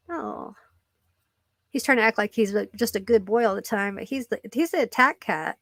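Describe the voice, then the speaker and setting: A woman's voice: a little high, moderate pace, a bit bright, no room sound. A woman vlogging casually from home at her computer, rambling with lots of fillers and cooing at her cat. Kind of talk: casual chat to camera. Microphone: computer microphone.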